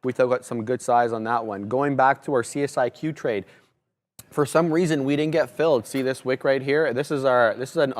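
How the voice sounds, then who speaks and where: A man co-hosting a live trading show, steadily explaining trades and chart setups. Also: mid-range voice.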